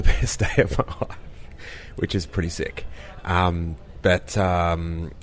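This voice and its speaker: A man with a notably low voice talks casually to his listeners on the move. He is upbeat and jokey, with fillers and playful asides. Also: a little hiss or hum. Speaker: comedian and podcast host. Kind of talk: casual vlog chat on the move.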